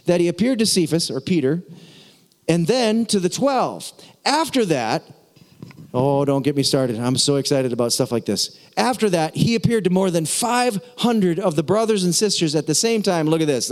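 A man preaching a sermon as a pastor, excitable and jokey, breaking into laughs and conversational asides. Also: on the high side, normal speed, big-room sound.

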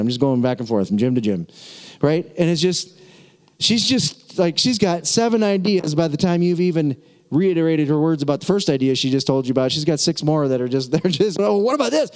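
A man preaching a sermon as pastor, lively and repetitive, drawing out words for emphasis. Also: mid-range voice, clean tone. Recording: long hall reverb.

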